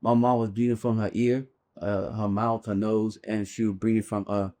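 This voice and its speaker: A man's voice: fairly low pitch, little pitch movement, normal speed, a little mellow. Earnest man telling a hard story. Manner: earnest, urgent retelling, often checks in with "you feel me". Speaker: guest, bare-knuckle fighter. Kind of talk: personal storytelling in a podcast interview.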